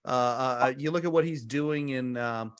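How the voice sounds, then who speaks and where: A man in his forties in an energetic podcast conversation, talking emphatically and speaking to the listeners directly. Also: mid-range voice, moderate pace, smooth. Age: 40s.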